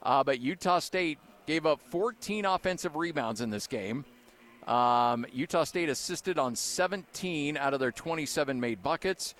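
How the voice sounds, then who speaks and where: Excited male postgame radio broadcaster. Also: on the high side, moderate pace. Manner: excited, then thoughtful stat recap with fillers. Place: arena radio booth.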